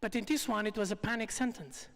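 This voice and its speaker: A speaker telling a story at a live retreat evening, in lively, phrasing. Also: mid-range voice, fast talker. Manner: lively, non-native phrasing. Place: event hall. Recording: long reverb from a live hall.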